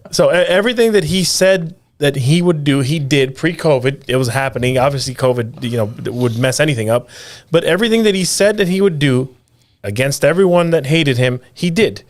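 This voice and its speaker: A man's voice: fairly high pitch, moderate pace. A man co-hosting a casual political podcast, talking animatedly with frequent stammered restarts. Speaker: podcast co-host.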